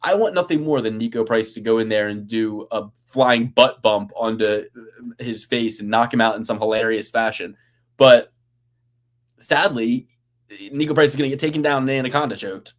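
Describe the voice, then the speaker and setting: On a casual sports betting podcast, a male co-host rants with profanity and sarcastic exasperation, mocking as he goes. His voice is medium-pitched at a moderate pace.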